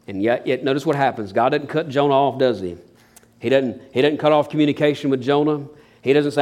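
A man preaching a sermon in an animated, humorous, folksy way. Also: medium pitch, brisk. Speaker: pastor.

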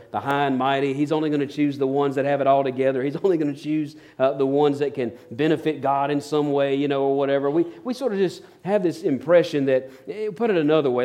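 A man's voice: medium pitch, mellow. A man preaching a sermon, telling stories in a folksy, rambling way with fillers and restarts. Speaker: pastor.

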